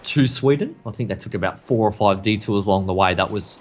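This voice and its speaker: A man calling an esports match at a brisk clip, talking fast and chattily. He keeps it light and self-deprecating, with a faint hiss of noise under his voice. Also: fairly low pitch. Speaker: esports caster. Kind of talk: esports commentary.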